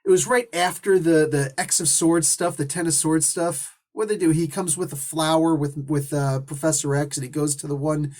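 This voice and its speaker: Animated man rambling through a comic review. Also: fairly high pitch, normal speed, few pauses. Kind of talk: casual solo review monologue.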